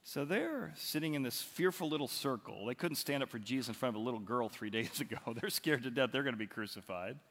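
A man preaching a sermon as pastor, telling the story dramatically with big swings in loudness. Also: medium pitch, animated, fast talker, few pauses, in a large hall. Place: church hall.

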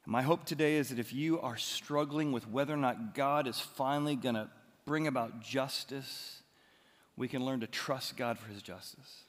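A man preaching a sermon as the pastor, telling stories with lively, animated bursts of loud excitement. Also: mid-range voice, normal speed. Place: church auditorium. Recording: long reverb of a large hall.

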